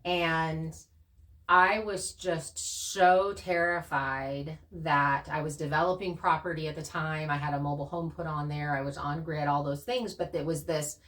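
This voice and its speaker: A woman co-hosting a channel, casually talking through her experiences in an earnest, animated way. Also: sits low, measured pace, recorded from a distance. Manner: earnest, animated storytelling with laughs. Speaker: channel co-host. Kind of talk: casual conversation.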